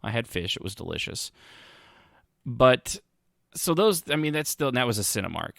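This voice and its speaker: A man's voice: mid-range voice, sing-song, moderate pace, creaky, a bit bright, no room sound, studio quality. A man hosting a podcast, rambling through casual commentary with sarcastic asides and frequent restarts. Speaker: podcast host.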